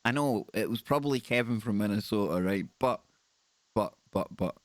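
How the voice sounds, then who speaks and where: A man's voice: fairly low pitch, normal speed, dry recording. Upbeat male call-in radio host. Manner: chatty, upbeat, repeats words. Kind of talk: live call-in radio chat.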